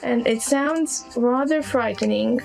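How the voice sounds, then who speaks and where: A woman narrating as game master of a tabletop game, pausing often with fillers and restarts. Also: fairly high pitch, gravelly, darkish tone, faint music behind, poor audio. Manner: halting, with many fillers and restarts.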